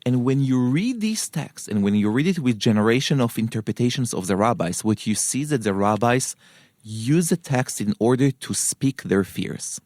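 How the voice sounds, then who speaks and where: A man's voice: mid-range voice, lively intonation, moderate pace, darkish tone, dry recording, clean studio sound. A man from Israel with an Israeli accent, a guest scholar explaining his views earnestly in an interview and often checking in with "right?". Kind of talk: interview conversation.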